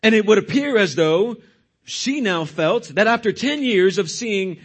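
A man's voice: high-pitched, animated, measured pace. A male pastor preaching a sermon, retelling scripture expressively.

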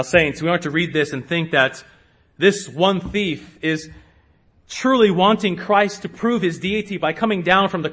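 Slow, high-voiced preaching man. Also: husky. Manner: slow, emphatic preaching with sharp rises in pitch and volume. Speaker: pastor. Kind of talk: sermon.

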